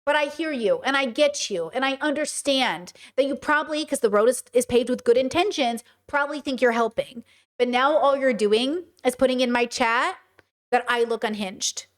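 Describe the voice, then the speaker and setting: A woman's voice: high-pitched, moderate pace. A woman streaming live commentary, talking passionately and emphatically and answering her chat.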